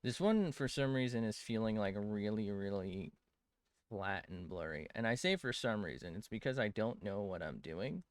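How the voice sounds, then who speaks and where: A young man chats loosely to his stream as he draws, rambling, swearing and mocking his own work. His voice sits on the low side. The sound is dry and close, with no room around it. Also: animated, moderate pace, no room sound. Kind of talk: casual chat while drawing on stream.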